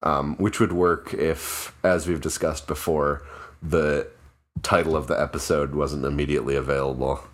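A man's voice: very deep voice, little pitch movement, normal speed. A man co-hosting a podcast in casual chat, teasing his co-hosts with dry humor. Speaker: podcast co-host.

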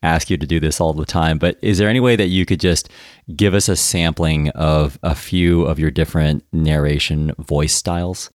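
A man's voice: rumbling low, fairly even intonation, normal speed, no echo, studio quality. An American man hosting an interview, asking friendly, curious questions. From United States. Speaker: interview host. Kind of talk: casual interview chat.

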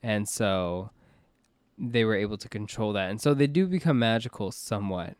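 A man with a smooth, resonant voice hosts a casual podcast chat. He rambles along and keeps restarting his sentences. The sound is close and dry, with no room in it. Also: fairly low pitch, normal speed, darkish tone, no room sound. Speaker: podcast host.

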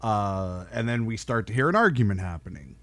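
A man's voice: on the low side, expressive, brisk. A man co-hosting a movie podcast in a dry, laid-back way. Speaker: podcast co-host. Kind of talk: casual chat about a movie.

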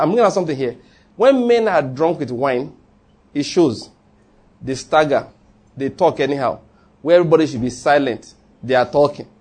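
A man preaches to his congregation in a slightly husky, fairly high voice. He keeps it light and conversational, joking between points and calling out lines for the room to repeat. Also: warm tone. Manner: humorous, conversational preaching with call-and-response. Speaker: pastor. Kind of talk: sermon.

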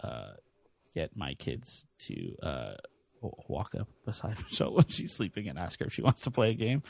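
A low-voiced man guesting on a podcast, his voice gravelly and his pitch swinging widely. He rambles and jokes in casual chat, full of filler words, recorded close and dry. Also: wildly swooping pitch, moderate pace, no echo. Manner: rambling, many fillers, joking.

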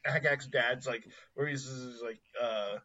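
A man chatting casually as a podcast co-host, rambling with halting restarts and frequent laughter. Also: medium pitch, fairly even intonation, sharp tone, muffled recording. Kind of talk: casual chat about comedy films.

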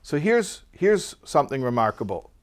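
A man in the middle of a class lecture, a voice neither high nor low. He tells a personal story with animated, conversational energy and turns to quiz his students. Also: moderate pace, crowd noise. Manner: lively anecdotal delivery with questions to the class. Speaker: Torah teacher.

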